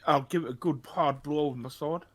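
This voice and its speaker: A man's voice: fairly high pitch, a little fast. An older man playing a tabletop game, thinking aloud hesitantly about his character's options. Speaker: player. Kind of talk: casual tabletop play.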